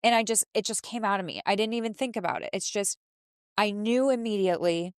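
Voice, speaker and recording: A woman's voice: medium pitch, a little fast, clear, resonant tone, no room sound, clean studio sound. A woman hosting a podcast, telling a personal story candidly and emotionally, with frequent restarts. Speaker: podcast host.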